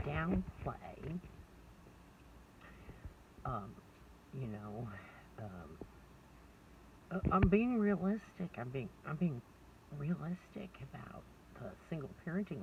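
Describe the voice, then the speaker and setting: Chuckling woman, animated lo-fi vlog. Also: low-pitched, gravelly. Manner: rambling, laughs often, self-mocking. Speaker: vlogger. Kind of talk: candid personal monologue. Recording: distant, dull lo-fi mic with faint noise.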